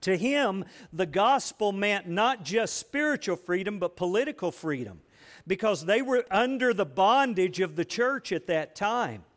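Middle-aged male preacher, high voice, sermon full of rhetorical questions to the congregation. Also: animated, unhurried, fairly bright tone. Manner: asks the audience rhetorical questions. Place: church building.

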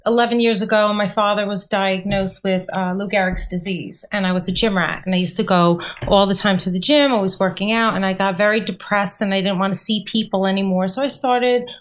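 A woman's voice: mid-range voice, fairly even intonation, a little fast, hardly any pauses. A woman in her forties, a podcast guest, telling a personal story in casual talk with an earnest, heartfelt manner. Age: 40s. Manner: earnest, heartfelt, tells a story in long runs.

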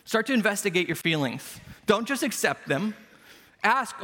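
A man with a high, light voice delivers a relaxed, conversational sermon. His words ring out with a long reverb through the church sanctuary. He makes his points with self-deprecating everyday stories. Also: normal speed. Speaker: pastor.

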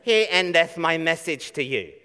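A man doing a lofty, old-fashioned deity voice, higher and louder than his own talk, full of mock churchy grandeur. The sound is smooth and resonant, ringing with a long hall echo. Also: lively intonation, normal speed. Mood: pompous. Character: pompous archaic-speaking God, booming male deity.

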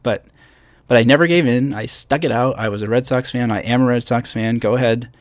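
He's a thirty-something podcast host from upstate New York, going solo from a hotel room on a podcast microphone with a pop screen. His mid-range voice moves fairly quickly, chatty and dotted with self-deprecating remarks. The recording is clean studio sound without any room sound.

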